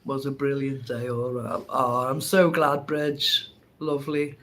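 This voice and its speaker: Chatty, laughing man with a slow drawl. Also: medium pitch, fairly even intonation, fairly bright tone, slight background noise, rough recording. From England. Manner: chatty, laughs often, teasing. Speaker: live stream host. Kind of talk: casual chat.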